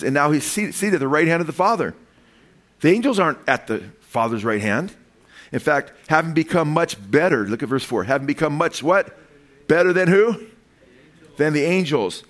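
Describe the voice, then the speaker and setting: A man preaching with lively energy, throwing questions at his listeners and acting out the lines he reads. His pitch jumps up and drops low as he builds each point. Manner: animated, asks the congregation questions, acts out quotes. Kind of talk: sermon.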